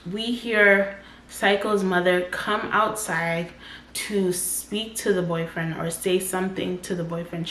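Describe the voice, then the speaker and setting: A woman's voice: mid-range voice, a bit bright, slight background noise. A woman in her twenties telling a personal story as a casual storytime vlogger, talking in loose run-on sentences full of "like". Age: 20s. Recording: roomy echo.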